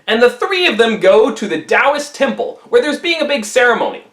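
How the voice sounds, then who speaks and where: A male storyteller retells a legend casually, full of jokey asides. His voice is high and swoops up and down, heard in a roomy, echoey space. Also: big pitch swings, brisk, a bit bright. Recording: roomy echo.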